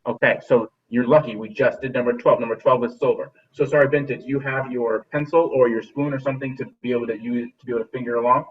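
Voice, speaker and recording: Husky-voiced male music teacher on a call. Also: medium pitch, steady tone, quick pace, hardly any pauses. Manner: encouraging, repeats and restarts phrases. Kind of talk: remote class teaching. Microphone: laptop video call. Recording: distant dull video call audio.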